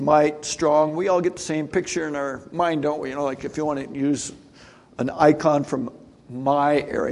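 Middle-aged man, preacher, gravelly voice, slightly high, chatty sermon with rhetorical questions. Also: darkish tone. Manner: conversational, many asides and rhetorical questions.

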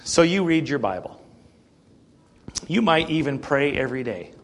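A male pastor giving a conversational sermon, plain-spoken, asking the congregation rhetorical questions and often clearing his throat. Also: on the high side, big pitch swings, normal speed, a little hiss or hum.

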